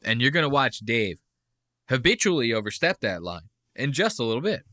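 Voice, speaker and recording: A man's voice: mid-range voice, big pitch swings, brisk, pushed and bright, no room sound, clean studio sound. A man hosting a podcast and commenting on clips in a casual, rambling, profane way. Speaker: podcast host.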